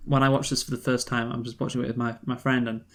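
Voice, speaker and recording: A young man hosts a casual film review chat. He jokes around and restarts his sentences often, talking at an ordinary pitch. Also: level tone, fast talker, a bit bright. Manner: casual, hesitant restarts, joking. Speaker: co-host of a film review show.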